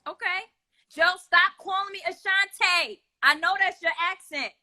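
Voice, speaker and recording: A woman's voice: extremely high pitch, moderate pace, bright, forceful tone. A woman guest in a casual interview over a video call, easygoing and candid, laughing often. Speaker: guest singer.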